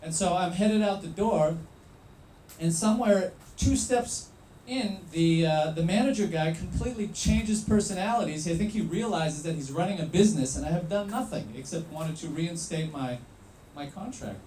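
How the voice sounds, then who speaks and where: Give me a high-voiced man telling a true story. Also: roomy sound, a little hiss or hum. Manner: animated, wry, pausing for effect. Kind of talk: live spoken storytelling.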